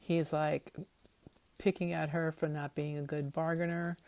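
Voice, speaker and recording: A woman's voice: low voice, level tone, measured pace, a little mellow. A woman giving a chatty, wry recap of a TV episode, with lots of fillers as she talks it through. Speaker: TV episode commentator.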